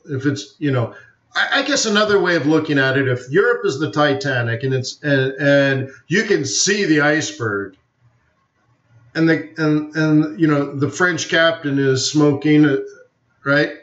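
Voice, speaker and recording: A man's voice: a little high, a little slow, fairly bright tone. A man hosting a live forex webinar, rambling casually with opinions and jokes. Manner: rambling, opinionated, jokey, many fillers. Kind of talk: casual live-stream commentary. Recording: roomy, dull lo-fi stream audio.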